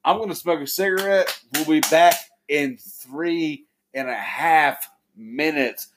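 A man's voice: on the high side, slow pace, background noise. A young man hosting a casual podcast, telling stories with laughs and profanity. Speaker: podcast host.

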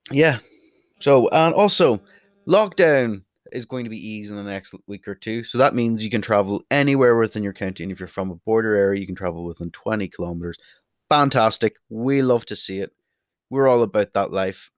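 Lively intonation and a brisk pace mark this young Irish man's fairly low voice as he rambles through a vlog, chatty, blunt, swearing and drifting off topic. The recording is dry, made on a desk mic he occasionally turns away from.

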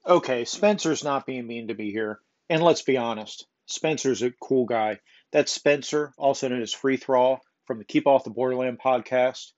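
Male podcast host, mid-pitched, with rambling casual delivery and a muffled lo-fi sound. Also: normal speed. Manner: rambling, self-deprecating, many ums. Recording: dull lo-fi recording.

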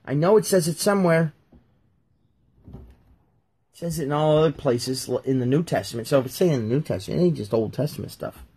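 A man's voice: fairly high pitch, lively intonation, fairly quick, pauses often, dark tone, slightly rough. A man hosting a casual talk, reading Bible verses aloud and joking about them as he goes. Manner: jokey, talks while flipping through pages. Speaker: podcast host reading scripture.

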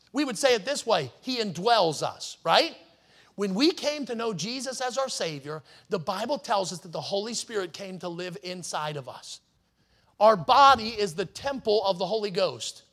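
Guy preaching a sunday sermon, pretty high voice, leans hard on key words. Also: fairly bright tone. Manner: emphatic preaching, slows down to stress words. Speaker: pastor.

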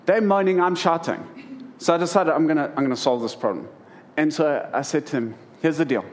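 A man's voice: on the high side, a little fast. A middle-aged man preaching to a congregation, telling humorous stories about family life. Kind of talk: sermon.

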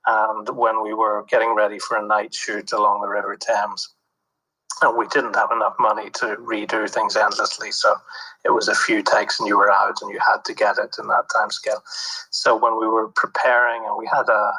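Male producer guest, low husky voice, bright edge, rambling anecdotes. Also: flat delivery, normal speed, low-quality recording. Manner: reflective, with many fillers and restarts. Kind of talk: anecdotal interview talk.

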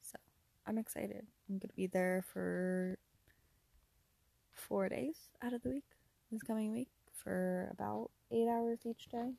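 A young woman talks slowly through a casual solo podcast ramble, her voice gravelly with fry. She laughs often and sometimes sinks into a whisper. The sound is dry and close. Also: mid-range voice, mellow, dry recording. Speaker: podcast host.

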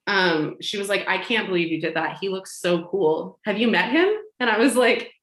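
Animated woman telling a story, roomy sound. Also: medium pitch, normal speed. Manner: animated, laughing, acts out quoted lines. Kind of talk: casual storytelling chat. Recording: roomy echo.

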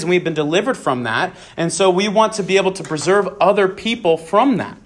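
A man's voice: high voice, animated, quick pace, few pauses. A young man leading a Bible talk for students, earnest and casual, leaning on "just" and "so" and repeating key lines for emphasis. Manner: casual filler-laden phrasing, many "just" and "so". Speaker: student ministry leader. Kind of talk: youth Bible talk with prayer.

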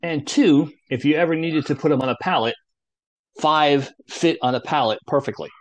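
A man's voice: fairly high pitch, normal speed, dry recording. Easygoing man with dry close sound. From New Jersey. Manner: easygoing, explains things step by step. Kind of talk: casual chat.

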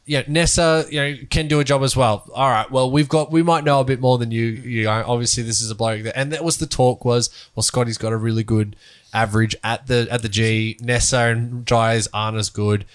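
A man's voice: mid-range voice, steady tone, a little fast, smooth. A man co-hosting a sports podcast, rambling and laughing as he talks. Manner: rambling, laughs often, trails off and restarts. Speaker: podcast co-host. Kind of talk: casual sports chat.

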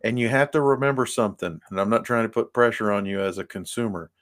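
Podcast co-host, male, lowish voice, loose rambling storyteller. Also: fast, fairly bright tone. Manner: rambling storyteller, many fillers. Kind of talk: casual chat.

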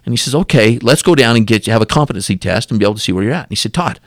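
A man's voice: medium pitch, animated, racing, hardly any pauses, dry recording, clean studio sound. A man, a podcast guest, telling a story and acting out the dialogue in it, often repeating and restarting words.

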